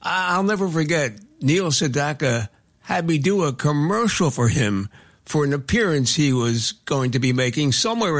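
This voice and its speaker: An older man hosting a radio show, telling a story in a chatty way with small chuckles. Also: fairly high pitch. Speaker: radio host. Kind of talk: radio show host talk.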